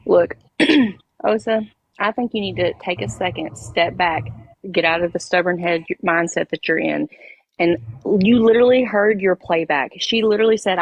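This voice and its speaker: A woman's voice: on the low side, no room sound, low-quality recording. A woman panelist on a live stream, bluntly telling someone he owes an apology. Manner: blunt, profane.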